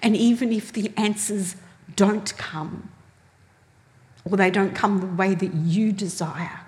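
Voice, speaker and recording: A woman's voice: mid-range voice, steady tone, slow pace, a little mellow. A woman preaching a sermon, telling stories animatedly and acting out the voices she quotes. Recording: long hall reverb.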